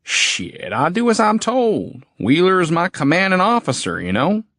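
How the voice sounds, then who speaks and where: A man's voice: high-pitched, wildly swooping pitch, a little slow, fairly bright tone, no echo, pitched above the performer's own voice, full character voice. A man voicing a crude, cocky male army veteran with a drawl, foul-mouthed and taunting, in a dry, close audiobook recording. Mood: defiant. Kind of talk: audiobook character voice.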